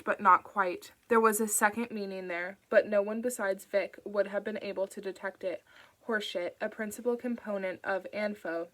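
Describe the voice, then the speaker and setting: A woman narrating an audiobook in a measured, steady reading voice. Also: mid-range voice, poor audio.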